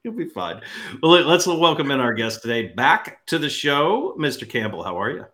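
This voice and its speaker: A man's voice: mid-range voice, sing-song, moderate pace, fairly bright tone. A man hosting a podcast, upbeat and teasing in casual banter. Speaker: podcast host.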